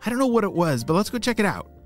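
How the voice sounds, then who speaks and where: Man reading storybook boy, eager, upbeat, quick, a bit high, lively swings. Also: faint music behind. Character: excited young boy bike rider.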